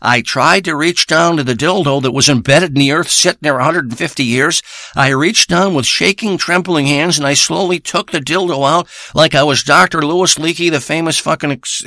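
A man's voice: a little high, pushed and bright, no room sound, clean studio sound. A man playing a crude, rambling male treasure hunter who boasts and swears through a comic monologue. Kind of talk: improvised comic character monologue.

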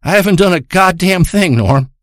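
A man's voice: high-pitched, expressive, moderate pace, a bit bright, no echo, voice pushed up. A distraught, grieving man pleads and repeats himself, his voice pushed well above the teller's own, as a man puts him on. The sound is close and dry, with no room around it. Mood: mournful.

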